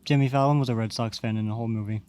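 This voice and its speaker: A man's voice: mid-range voice, fairly even intonation, racing, a little mellow, clean tone. A man co-hosting a casual sports podcast, telling stories and teasing his friends in an easygoing way. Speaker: podcast co-host.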